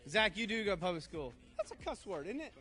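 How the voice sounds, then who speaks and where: A man's voice: high voice, sing-song, quick pace, bright, forceful tone, soft background music. An older man leading a youth group game, reading slang terms aloud, stumbling over them and laughing at himself. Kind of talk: playful group game in front of students.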